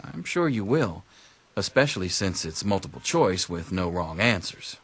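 A wry, husky teacher. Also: male voice, sits low, big pitch swings, moderate pace, full character voice. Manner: wry, matter-of-fact. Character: dry middle-aged male teacher.

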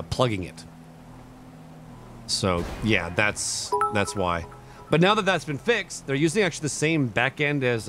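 A man's voice: fairly low pitch, fairly bright tone, slight background noise. A young man streaming live, chatting casually, chuckling and thanking his chat. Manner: laid-back, chuckling, reads and thanks chat.

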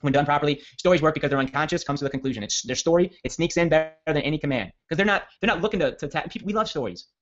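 A man giving a casual copywriting training, telling a long story in a rambling, self-correcting, energetic way. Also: fairly high pitch, racing, hardly any pauses. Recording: dull lo-fi audio.

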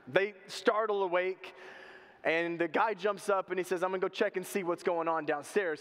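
A man's voice: high-pitched, a bit bright. A man preaching a sermon, telling stories with humor and animation. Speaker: pastor. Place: church sanctuary. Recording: reverberant church hall.

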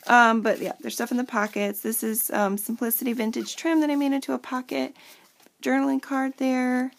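At home, a woman in her thirties casually shows off a handmade journal, chatty and full of fillers, and talks to kids off camera. Her high voice has vocal fry, little pitch movement and a moderate pace.

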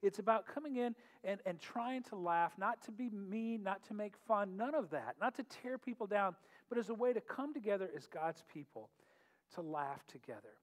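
A man's voice: sits high, animated, moderate pace. A middle-aged man, a pastor hosting a worship night in a church, talking in a chatty, joking way with frequent laughs, then leading a prayer. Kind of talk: casual humorous talk and prayer. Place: church sanctuary. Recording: long hall reverb, faint music.

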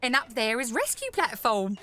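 A woman's voice: on the high side, moderate pace. A woman voicing a friendly, eager young fire engine in a children's cartoon. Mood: eager, kind. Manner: lively, encouraging. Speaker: talking vehicle in a cartoon.

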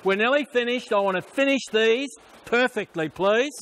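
A man coaching swimmers at a pool, calling out short repeated instructions and quick praise. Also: very high voice, a bit bright, slight background noise. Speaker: swim coach. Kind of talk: poolside coaching commands.

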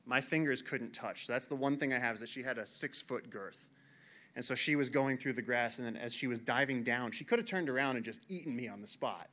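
A man in his thirties from the United States, a naturalist giving an animated storytelling talk to an audience in a lecture hall. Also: mid-range voice, brisk. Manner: animated, acts out shouted quotes.

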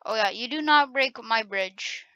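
Excitable high-voiced woman gamer. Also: unhurried, clear, resonant tone, no room sound. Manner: excitable, trash-talking. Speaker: gaming channel host. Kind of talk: gameplay commentary. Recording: dull lo-fi recording.

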